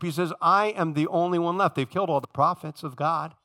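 High, bright-voiced man preaching. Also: brisk, hardly any pauses. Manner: storytelling, acting out biblical figures' lines; addresses congregation directly. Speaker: pastor. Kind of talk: sermon.

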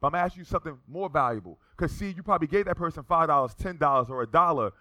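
An animated male pastor preaching through a personal story, acting out the people in it as he goes. His voice is bright and forceful and sits a little high for a man. The sound is dry and close. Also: very fast, dry recording. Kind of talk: sermon with storytelling.

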